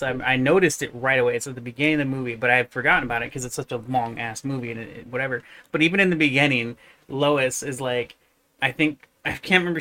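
This is a relaxed co-host in a home-recorded conversation, with a mid-range voice. The delivery is animated and loose, full of laughter and casual swearing. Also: medium pitch. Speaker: co-host of a casual chat series. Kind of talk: casual chat.

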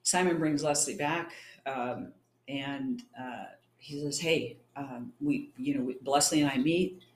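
A woman's voice: extremely low pitch, a little slow, a little hiss or hum. A middle-aged woman from California, a champion cyclist and triathlete, chatting as an interview guest and acting out the dialogue in her stories. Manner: chatty, acts out quoted dialogue. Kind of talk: casual storytelling interview. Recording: roomy echo.

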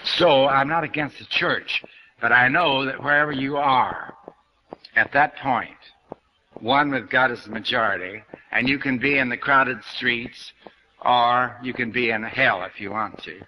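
A man's voice: mid-range voice, unhurried, highs cut off, a little hiss or hum. A man giving a New Thought spiritual lecture in a conversational, folksy way, quoting scripture as he goes. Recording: archival lecture recording.

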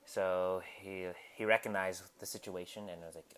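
A young man with a somewhat low voice talks through a personal story in a loose, candid way. He stops and restarts often and fills gaps with ums. He is recording himself at home in his apartment. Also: steady tone, moderate pace, fairly bright tone. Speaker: podcast host. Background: household noise.

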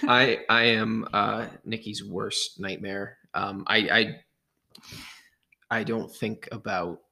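A man co-hosting a casual podcast with his wife, easygoing with dry jokes and halting restarts. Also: on the low side, steady tone, vocal fry, sharp tone. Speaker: podcast co-host, father. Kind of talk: casual chat.

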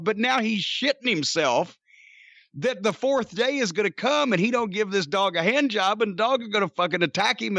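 A man's voice: high voice, pushed and bright, no room sound. A man hosting a podcast, telling a rambling, profane anecdote and laughing at it. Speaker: podcast host, storyteller.

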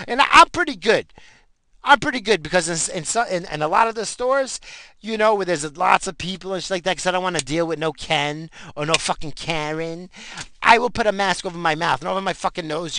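A man ranting angrily to the camera, swearing constantly and bursting out in animated, profane outbursts. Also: a little high, vocal fry, no room sound. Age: adult with a job and in-laws. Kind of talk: profane comic rant.

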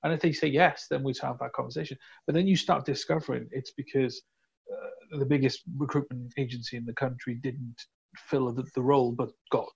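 A man in casual podcast chat, telling stories with lively acted-out dialogue. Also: medium pitch, a little fast, creaky, breathy edge, muffled recording. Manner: animated storyteller, acts out quoted dialogue. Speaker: recruitment business owner.

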